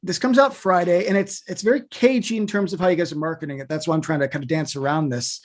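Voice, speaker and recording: Chatty interviewer guy, kinda high voice, rambles through his questions. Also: quick pace.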